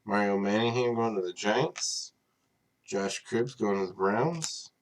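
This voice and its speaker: Man, lowish voice, card break host, casual live stream talk, tired and yawning. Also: a little slow. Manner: reads off names in a steady list.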